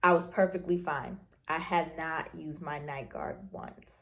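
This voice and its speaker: Young female nursing-student vlogger, somewhat low voice, candid chatty storyteller. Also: a little slow, gravelly. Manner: candid, chatty, acts out quotes. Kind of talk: casual chat to camera.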